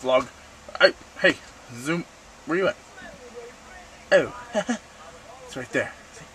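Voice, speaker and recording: Young male vlogger, random and jokey, animated pitch, noisy home recording. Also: slow pace. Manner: random, jokey, rambling with sudden pitch jumps. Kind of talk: rambling casual vlog. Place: room at a computer.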